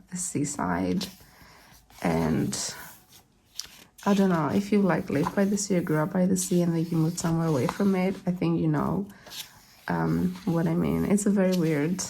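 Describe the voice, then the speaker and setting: Casual collector vlogger, woman, fry-tinged dark tone, chatty and gushing, light room hiss. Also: lowish voice. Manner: gushing, rambling, giggly. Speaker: K-pop album collector. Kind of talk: casual unboxing chat. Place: at home, living in London.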